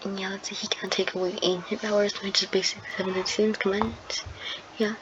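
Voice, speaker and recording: A woman's voice: medium pitch, little pitch movement, quick pace. A woman improvising a fan-fiction story, rambling and hesitant with many fillers and restarts. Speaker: channel host telling a fan story. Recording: dull lo-fi sound with clear background noise.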